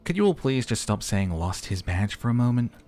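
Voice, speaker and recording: A man voicing a male detective who has lost his memory, speaking in a halting, flustered way. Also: medium pitch, big pitch swings, a little mellow, soft background music, close to an everyday voice.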